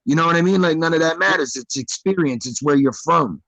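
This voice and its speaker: A man's voice: a little high, a little fast, gravelly, sharp tone, no echo, rough recording. A man talking as a guest in a casual chat, earnest and reflective, with street slang. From American suburbs. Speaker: podcast guest. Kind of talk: casual conversation.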